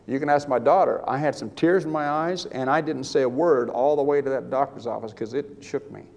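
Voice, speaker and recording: A man's voice: mid-range voice, fairly quick, creaky. Older male preacher in a reverberant hall. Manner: storytelling, animated, rambling with restarts. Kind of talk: sermon testimony.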